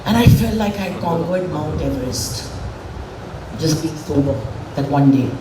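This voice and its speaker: A woman's voice: low voice, expressive, measured pace, background noise. Middle-aged woman, candid emotional speech, roomy hall, heard from a distance. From India. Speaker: guest speaker at an event. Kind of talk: public speech. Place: event hall, on a dais.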